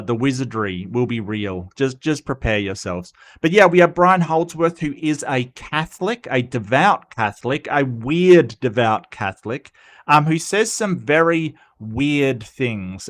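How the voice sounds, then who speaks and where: A man hosting a casual livestream commentary, rambling and joking, his voice a little rough from a cold. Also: medium pitch, fairly bright tone. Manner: rambling, joking, repeats himself and stumbles. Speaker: host of a commentary channel.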